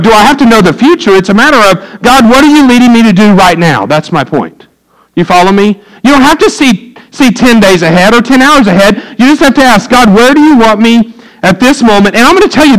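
Folksy pastor preaching, high voice. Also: male voice, fairly bright tone, poor audio. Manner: folksy, joking asides. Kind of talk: sermon.

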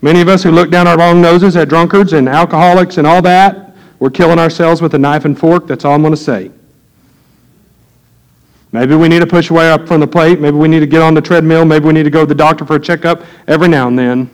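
A man's voice: a little high, fairly even intonation, fast. A middle-aged man, a pastor preaching a sermon to his congregation in a folksy storytelling way.

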